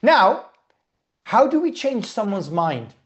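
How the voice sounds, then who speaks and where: A man's voice: high voice, very animated, slow, lo-fi sound. A man teaching a sales class, blunt and swearing casually, often checking in with "okay?". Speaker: sales trainer.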